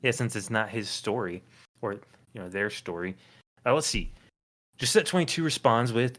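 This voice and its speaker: A man with a middle-pitched, everyday voice co-hosts a casual podcast. He reads listener comments aloud in an easy, unhurried way and laughs often between them. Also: lively intonation, fairly bright tone. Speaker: podcast co-host.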